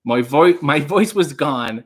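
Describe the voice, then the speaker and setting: A man's voice: fairly high pitch, lively intonation, slow. A man hosting a casual livestream, telling rambling stories and reading out chat comments. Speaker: livestream host.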